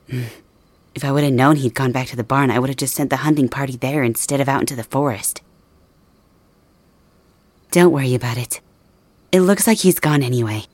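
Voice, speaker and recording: A woman voicing a protective young female friend in an ASMR role-play, talking softly and reassuringly straight to the listener. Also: extremely low pitch, no room sound. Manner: soft, reassuring, addresses listener directly.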